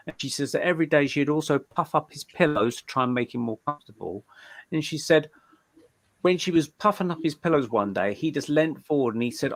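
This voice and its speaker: A man's voice: mid-range voice, expressive, brisk, fairly bright tone. A man, a guest medium, chatting in a live interview, telling stories loosely and often repeating words as he starts a sentence. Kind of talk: casual storytelling in a live interview.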